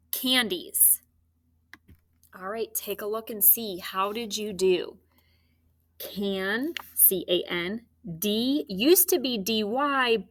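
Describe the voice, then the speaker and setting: Slow, bright-voiced woman teaching phonics. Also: mid-range voice. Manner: patient, encouraging, slow dictation. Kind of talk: recorded phonics lesson.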